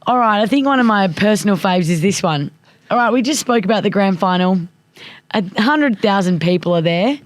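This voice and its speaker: A woman's voice: mid-range voice, expressive, a little fast, dry recording. A woman, co-hosting a podcast and chatting casually as she steers the segments. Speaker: podcast co-host. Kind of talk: casual chat.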